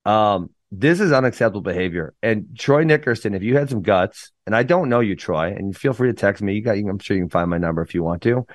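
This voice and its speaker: A man with a medium-pitched voice recorded close and dry, co-hosting a casual podcast. He speaks bluntly and with strong opinions, ranting about behavior he can't stand. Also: animated, quick pace, few pauses, no echo. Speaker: podcast co-host and wrestling coach. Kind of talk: casual chat.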